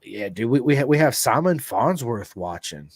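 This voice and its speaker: An American man hosts a casual podcast chat, his voice set at an ordinary middle pitch. He sounds eager and slangy, tossing out "dude" and "bro." The sound is close and dry, with no room echo. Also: animated, moderate pace. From United States. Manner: enthusiastic, slangy, calls guest dude and bro. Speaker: podcast host.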